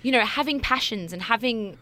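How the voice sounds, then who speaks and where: A woman's voice: on the high side, fairly quick, sharp tone. A young woman co-hosting a casual dating podcast, giving thoughtful advice and acting out awkward moments. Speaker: podcast co-host, dating coach.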